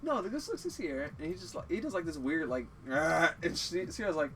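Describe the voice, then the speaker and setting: A man spins a comic story in a lively voice that leaps up and down, pitched a little high, acting out every quote with plenty of swearing. He sits back from the mic, and steady background noise runs under his voice. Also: fast, distant mic. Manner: animated, profane, acts out quotes. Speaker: guest storyteller. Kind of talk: casual comedic storytelling.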